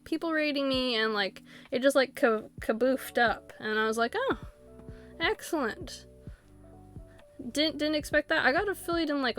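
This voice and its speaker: Woman, high voice, streamer, chatty, rambling, laughs a lot, faint music behind. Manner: chatty, rambling, laughs often, animated quotes. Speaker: Twitch streamer. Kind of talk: casual live-stream chat.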